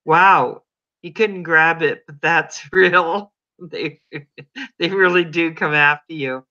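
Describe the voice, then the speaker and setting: Man, livestream host, slow-paced, exclamatory, casual chat, dull lo-fi sound. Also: on the high side, pushed and bright. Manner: gushing, exclamatory reactions.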